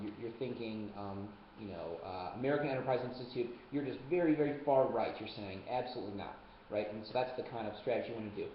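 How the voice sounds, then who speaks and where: A young man teaching debate strategy on a webcam, casual and joking, with quick asides. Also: medium pitch. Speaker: debate coach. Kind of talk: webcam lesson. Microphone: webcam mic. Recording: roomy, dull webcam audio, faint hiss.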